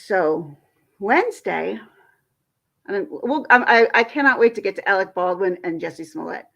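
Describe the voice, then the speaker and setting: A woman's voice: mid-range voice, animated, normal speed, gravelly, fairly bright tone. A woman hosting her own livestream, talking casually and venting with frustration, rambling and restarting her sentences. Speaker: livestream host. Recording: dull lo-fi stream audio.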